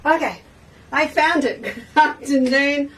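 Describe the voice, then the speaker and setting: A woman's voice: high-pitched, unhurried, fairly bright tone, recorded from a distance, poor audio. A woman hosting a casual quilting livestream, chatty and bubbly, greeting viewers one by one by name. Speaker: livestream quilting show host.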